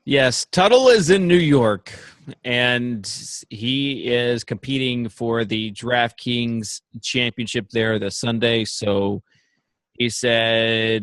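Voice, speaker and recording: A man's voice: medium pitch, takes it slowly, fairly bright tone, smooth, no room sound. A man with a Southern accent hosting a sports podcast in casual, playful banter over a remote call. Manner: playful, teasing. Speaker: podcast host. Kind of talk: casual chat.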